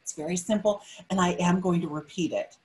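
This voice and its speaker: A middle-aged woman giving a motivational webinar talk, energetic and emphatic, often repeating her key phrases. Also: lowish voice, brisk, rough recording. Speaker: webinar speaker.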